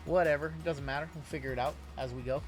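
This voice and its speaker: A man's voice: a little high, steady tone, quick pace, music in the background. A man hosting a trading card break livestream, chatting casually and answering viewer questions as he opens packs.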